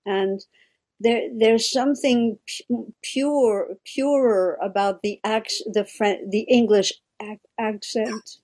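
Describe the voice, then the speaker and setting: A woman's voice: fairly high pitch, fairly even intonation, takes it slowly, darkish tone. Woman, thoughtful and searching. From Quebec. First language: French. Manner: reflective, searching for words, frequent restarts. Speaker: guest. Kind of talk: casual conversation.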